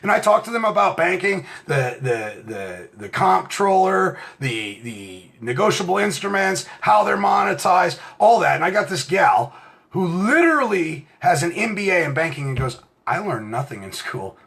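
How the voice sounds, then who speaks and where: This is a middle-aged man from the United States in a heated, profane rant. His voice is bright and slightly high. He swings in pitch, dropping to near mutters and then climbing to full shouts. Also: big pitch swings, normal speed, creaky. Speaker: self-styled legal rights speaker. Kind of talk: impassioned direct-to-camera rant.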